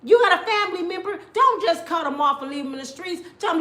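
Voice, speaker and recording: A middle-aged woman telling stories in a blunt, animated way, sometimes mimicking other people's voices. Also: very high-pitched, fast talker, hardly any pauses, echoey room. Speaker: storyteller. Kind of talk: casual storytelling rant.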